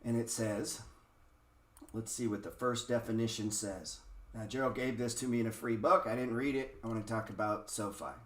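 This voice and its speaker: A man's voice: on the low side, fairly even intonation, moderate pace. A man giving a casual, blunt market lesson over a screen share, swearing often and firing rhetorical questions at viewers. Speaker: trading educator. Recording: roomy echo.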